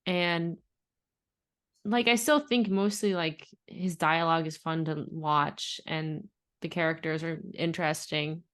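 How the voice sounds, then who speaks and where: A woman's voice: sits low, fairly even intonation, measured pace, fairly bright tone. A woman co-hosting a podcast in casual chat, giving frank opinions in a dry way. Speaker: podcast co-host.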